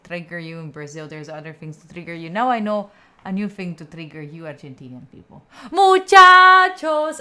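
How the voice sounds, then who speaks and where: A woman's voice: on the low side, fairly bright tone. A young woman with an Italian accent, hosting a study livestream and chatting playfully with viewers between work sessions. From Italy. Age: young adult. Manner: playful, giggly, chats back to viewers. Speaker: study-stream host. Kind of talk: casual livestream chat, reading comments.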